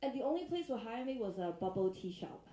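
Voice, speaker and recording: A woman's voice: a little high, sing-song, quick pace, warm tone. Comedian woman from China, echoey club. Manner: playful, teasing the audience. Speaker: stand-up comedian. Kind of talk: stand-up with crowd work. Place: comedy club stage, audience laughing. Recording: echoey live venue.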